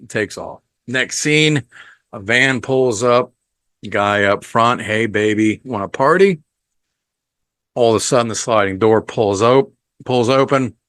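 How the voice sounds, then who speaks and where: Slow, low-voiced man reviewing a film. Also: fairly bright tone, dry recording. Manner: unhurried, rambling with frequent ums; profane and blunt. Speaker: podcast host reviewing a film.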